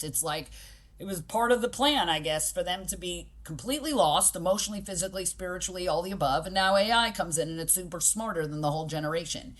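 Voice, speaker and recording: Guest spot: low-voiced middle-aged woman coach, animated storyteller. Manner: animated, acts out kids' and parents' voices. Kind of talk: casual podcast conversation.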